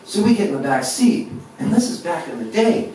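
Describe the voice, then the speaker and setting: A man's voice: high-pitched, fairly quick, a little hiss or hum. Self-mocking man telling stories onstage. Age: 50s. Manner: animated, self-mocking, laughing at his own jokes. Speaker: folk singer performing live. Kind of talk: onstage storytelling between songs. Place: live music venue. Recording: very echoey live room, distant recorder, guitar. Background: guitar.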